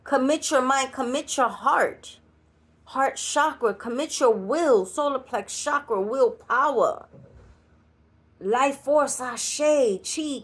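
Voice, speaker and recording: Slow-talking Nuyorican woman card reader. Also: high-pitched, fairly bright tone. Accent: New York Puerto Rican. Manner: chatty, laughing asides, blunt straight talk. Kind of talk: channeled tarot reading. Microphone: solo creator recording.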